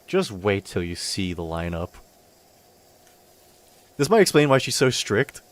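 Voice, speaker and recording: A man's voice: on the low side, big pitch swings, a little slow. A young man live-streaming a game, chatting in a rambling, self-mocking way and swearing often. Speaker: VTuber streamer. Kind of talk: casual live-stream commentary.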